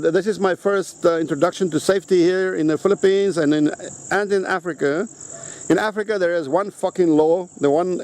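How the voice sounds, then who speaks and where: A man with a high-pitched yet mellow voice vents outdoors at full tilt. He swears in nearly every phrase, stacks up blunt lists and keeps pressing the listener with "okay?" between points. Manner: profane, blunt and emphatic, swears constantly; repetitive, hammering points with "okay?". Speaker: vlogger. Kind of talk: outdoor rant to camera. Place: outdoors on a rock at sunset.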